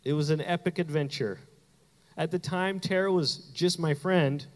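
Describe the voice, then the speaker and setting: A man from Canada preaching a sermon, telling a personal story with animated delivery and acted-out quotes. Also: fairly high pitch, normal speed, long reverb tail. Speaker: pastor.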